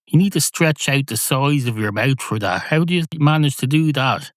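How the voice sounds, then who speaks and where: A man's voice: mid-range voice, animated, moderate pace, dry recording, pitched above the performer's own voice, close to an everyday voice. An Irish man voicing a sarcastic, passive-aggressive AI vet assistant program, in a storytelling podcast. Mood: snippy. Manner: sarcastic, mock-polite, turns rude.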